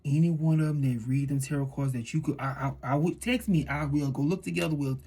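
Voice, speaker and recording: A woman tarot reader in a casual spiritual monologue, fervent and preachy, swinging between loud declarations and hushed asides. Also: low voice, brisk, slight background noise.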